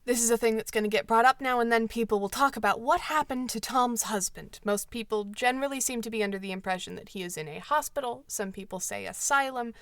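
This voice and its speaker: A woman's voice: on the high side, fast talker, hardly any pauses, a bit bright, no room sound, clean studio sound. A woman hosting a book club show, summarizing an old novel with wry, joking asides.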